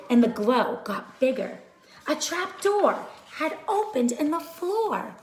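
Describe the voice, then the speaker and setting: A woman reads a children's story aloud in an expressive, dramatic way. Her voice is high and bright. The reading carries a noticeable room echo. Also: a little hiss or hum. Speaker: storybook reader. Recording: echoey room.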